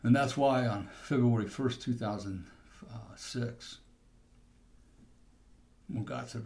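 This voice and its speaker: A man's voice: mid-range voice, slow pace, pauses often, a little mellow. A man hosting a podcast, telling a personal testimony in a rambling storytelling way with restarts. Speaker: podcast host.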